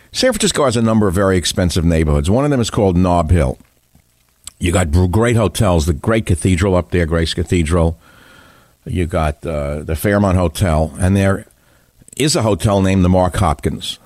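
A man's voice: on the low side, no echo. A man hosting a talk radio show, delivering a combative, scornful political monologue with heavy emphasis. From United States.

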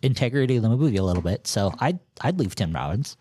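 A man's voice: medium pitch, very animated, quick pace, mellow, breathy edge. A man co-hosting a casual movie review podcast, joking around and giving firm opinions. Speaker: podcast co-host.

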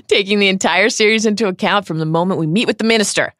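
A woman hosting a podcast, giving the intro in an upbeat, brisk announcing manner with casual banter. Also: mid-range voice, a bit bright, dry recording, clean studio sound. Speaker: podcast host.

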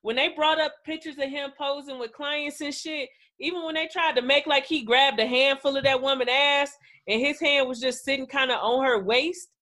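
A woman with a slightly high voice talks bluntly and playfully as a co-host. She swears freely and riffs on wordplay in a loose, casual chat. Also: steady tone, moderate pace, hardly any pauses, pushed and bright. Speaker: podcast co-host. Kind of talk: casual chat recapping reality TV.

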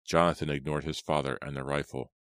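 A man narrating an audiobook in a dramatic reading style, acting out the characters' lines louder and slower. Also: very deep voice, little pitch movement, no room sound, studio quality.

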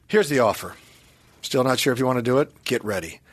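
A man's voice: mid-range voice, huge pitch swings, normal speed, slightly rough, no echo. Playful, jokey male podcast host. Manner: jokey, playful, breaks into mock shouting. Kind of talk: casual banter and ad read.

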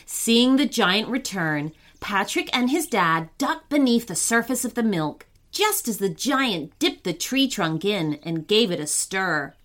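A woman narrating a children's story in an expressive, unhurried way. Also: medium pitch.

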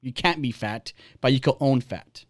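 A man's voice: mid-range voice, moderate pace. A man in his forties hosting a podcast, ranting bluntly and heatedly with lots of swearing. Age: 40s. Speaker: podcast host. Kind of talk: casual ranting podcast talk.

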